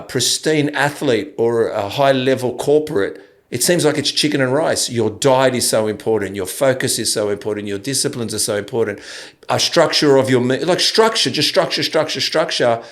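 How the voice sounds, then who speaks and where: A man's voice: mid-range voice, moderate pace. A man in his fifties with an Australian accent, hosting a podcast interview in a loose, rambling way with many restarts. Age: 50s. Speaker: podcast host. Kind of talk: casual interview chat.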